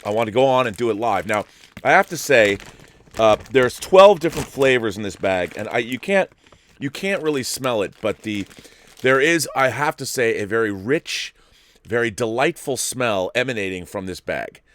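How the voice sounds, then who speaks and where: A man's voice: mid-range voice, lively intonation, normal speed, a bit bright, a little hiss or hum. A middle-aged man hosting his own livestream show, chatting casually with playful, grandiose asides and rambling tangents. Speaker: show host. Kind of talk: casual solo livestream chat.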